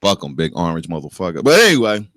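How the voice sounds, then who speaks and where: A man's voice: deep voice, sing-song, fast talker, a bit bright. Joking, profane male radio host. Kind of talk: casual radio chat. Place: radio studio.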